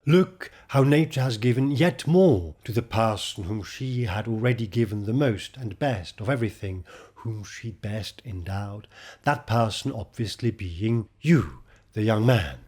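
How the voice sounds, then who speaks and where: A man hosting a podcast, reading verse aloud and explaining it in a deliberate, lecturing way. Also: on the low side, lively intonation, a little mellow, slightly rough. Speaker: podcast host. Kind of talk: scripted explanation of poetry.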